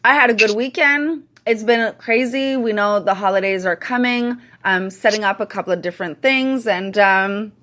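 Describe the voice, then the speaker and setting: A woman's voice: medium pitch, normal speed, hardly any pauses, a bit bright. A woman from Montreal co-hosting a radio talk show, chatty and teasing, her voice a bit cracky from losing it recently. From Montreal, Canada. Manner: laughs often, chatty and teasing. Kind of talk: casual chat.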